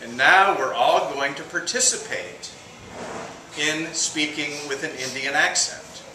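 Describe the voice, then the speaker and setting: Man, contest speaker, lively and jokey, bright slightly high voice; distant room mic, faint hiss. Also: measured pace. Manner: lively, jokey, leads audience in call-and-response. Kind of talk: contest speech with impressions. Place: meeting room with audience. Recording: echoey room from far off.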